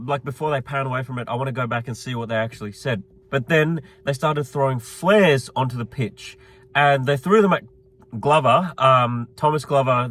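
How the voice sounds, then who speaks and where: A young man, vlogging to camera in an agitated, swearing way and repeating himself. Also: mid-range voice. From Australia. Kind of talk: reaction vlog to camera.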